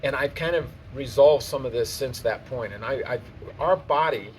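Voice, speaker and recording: A plainspoken man coaching golf outdoors, talking to the camera in an easygoing, conversational way. His voice sits at an ordinary middle pitch. It is picked up from a few steps away, with faint outdoor noise behind him. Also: moderate pace, far from the mic. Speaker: golf instructor. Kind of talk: casual on-course instruction.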